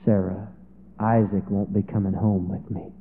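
A man voicing an old, resolute patriarch who speaks low, heavy and grave. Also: little pitch movement, normal speed, a little hiss or hum, lightly acted. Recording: tinny, phone-like echoey hall.

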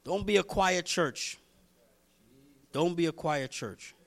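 A man preaching a sermon, reading scripture and repeating lines as he builds toward shouting. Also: a little high, lively intonation, takes it slowly, gravelly. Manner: reads scripture aloud, talks to congregation by name. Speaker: pastor.

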